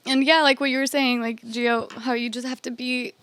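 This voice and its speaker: Hesitant woman, soft and full of "um"s. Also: high-pitched, flat delivery, normal speed, smooth, dry recording. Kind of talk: casual panel chat.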